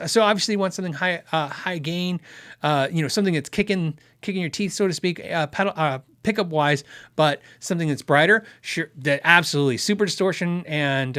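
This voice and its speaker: A man with a somewhat high-pitched voice hosts a casual livestream. He answers viewer questions in a chatty, rambling way, often restarting his sentences as he thinks aloud. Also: fairly bright tone. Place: Arizona.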